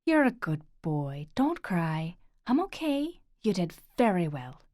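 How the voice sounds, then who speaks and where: A woman's voice: lowish voice, very animated, slow pace, darkish tone, no room sound, studio quality. A woman reading the part of a blunt, irritable father in an audiobook, curt and exasperated. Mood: shaken.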